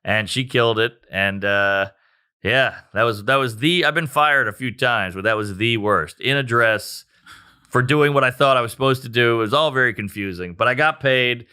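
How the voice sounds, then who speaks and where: A man, a stand-up comedian, telling a profane, animated story in casual chat. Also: mid-range voice, moderate pace, clean tone.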